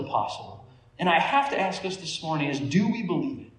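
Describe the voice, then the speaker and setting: High-voiced man preaching in an echoey hall. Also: fairly quick, slight background noise. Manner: conversational, animated storytelling with laughs. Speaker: pastor. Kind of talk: sermon. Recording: echoey room, voice from a distance.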